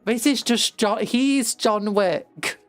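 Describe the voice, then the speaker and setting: A young British woman streaming a game, rambling through an animated story retelling with casual asides. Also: on the high side, slow pace, no room sound, soft background music. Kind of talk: casual chat while playing a game.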